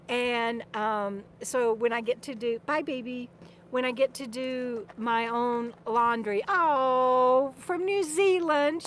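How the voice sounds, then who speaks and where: A woman's voice: fairly high pitch, a bit bright, a little hiss or hum. An older woman vlogger chatting casually on a live stream, rambling and restarting her sentences, laughing often and turning aside to talk to her dog. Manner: speaks to her dog between remarks. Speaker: vlogger and author.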